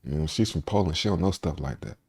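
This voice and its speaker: A man hosting a podcast, telling a story in a relaxed, profane way and often laughing as he talks. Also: very deep voice, fast talker, breathy edge. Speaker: podcast host. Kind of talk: casual storytelling monologue.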